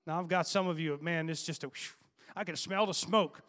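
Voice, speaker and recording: A man with a fairly high, slightly bright voice preaches at a fairly quick pace. His sermon moves from reading scripture and praying into emphatic, rising bursts, and he teases the congregation with playful jabs along the way.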